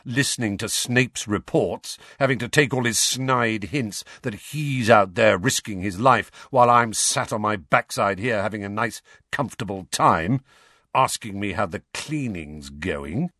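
A sarcastic, bitter middle-aged man with a lowish, drawling voice in a storybook reading, as a male narrator voices him. The sound is dry and close. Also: lively intonation, normal speed, fairly bright tone, no room sound.

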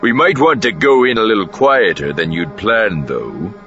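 A male narrator voicing a smug male pirate lackey who speaks archly and slowly. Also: fairly low pitch, expressive, bright, forceful tone, muffled recording, faint music behind. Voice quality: arch, drawling.

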